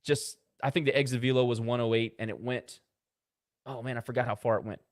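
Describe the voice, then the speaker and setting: A man's voice: medium pitch, steady tone. Casual male sports podcast co-host. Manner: rattles off box-score stats with quick asides.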